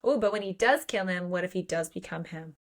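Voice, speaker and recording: Gravelly voiced woman cohosting a book podcast, blunt and jokey, bit crude. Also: on the low side, lively intonation, brisk. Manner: blunt, joking, playfully crude. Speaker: podcast co-host. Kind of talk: casual book discussion.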